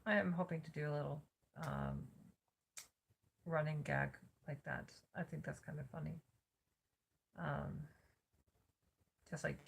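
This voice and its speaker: An exhausted woman vlogging from her cot on a phone camera, her worn-out voice a little slurred as she rambles with many pauses. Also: sits low, creaky, breathy edge. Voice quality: slightly slurred. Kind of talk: casual check-in vlog. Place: lying on a cot at home.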